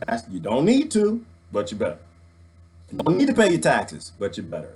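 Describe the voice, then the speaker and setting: A man, ranting in an excitable, jokey, preachy way on a livestream, wired on coffee, swinging from loud to hushed. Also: mid-range voice, moderate pace. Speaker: vlogger reading live comments. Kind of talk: animated livestream rant.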